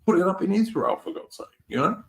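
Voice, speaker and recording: A man's voice: high voice, big pitch swings, quick pace, gravelly. A man hosting a casual political talk show, rambling and emphatic, with rhetorical questions. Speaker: host.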